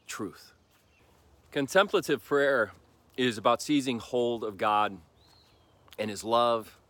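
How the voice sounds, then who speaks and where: An older man, a pastor, preaching a sermon in an earnest, reflective way with pauses and emphatic rises, with faint noise behind him. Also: medium pitch, fairly bright tone.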